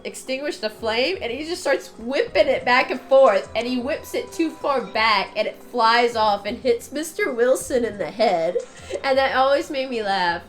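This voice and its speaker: A woman game streamer with a stuffed-up nose, chatting casually and rambling with frequent laughs while she plays. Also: a little high. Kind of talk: casual gameplay commentary.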